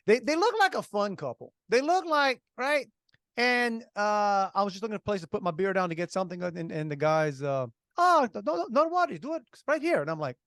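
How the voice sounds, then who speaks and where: High-voiced rambling middle-aged man. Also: a bit bright, clean tone, no room sound, studio quality. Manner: rambling storyteller with restarts and laughs. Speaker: podcast co-host. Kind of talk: casual chat.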